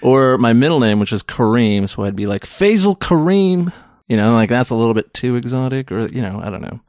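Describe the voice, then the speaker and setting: Animated man in his thirties. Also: mid-range voice, fast talker, no room sound, studio quality. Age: 30s. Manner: animated storyteller who acts out quoted voices. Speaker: stand-up comedian guest. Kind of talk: casual podcast interview.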